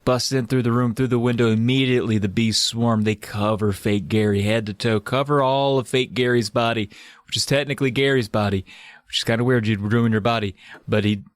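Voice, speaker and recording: A man casually recapping a book on a podcast, profane and animated, putting on voices for the characters. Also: mid-range voice, fairly quick, no room sound. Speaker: podcast host.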